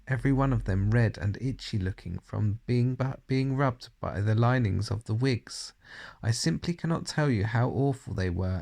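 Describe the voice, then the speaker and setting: Gravelly-voiced man reading a story. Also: medium pitch, darkish tone. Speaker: audiobook reader. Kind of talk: reading a children's novel aloud.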